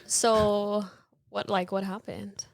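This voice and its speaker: A woman's voice: mid-range voice, level tone, takes it slowly, creaky. Woman chiming in with brief questions. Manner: short reactions, brief questions. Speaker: podcast co-host. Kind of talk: casual chat.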